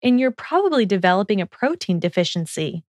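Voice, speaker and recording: An earnest, stubborn young witch, as a woman puts her on. She speaks up higher than the narrator, insistent and worried. The sound is dry and close. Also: sing-song, fairly quick, a little mellow, no room sound, natural voice.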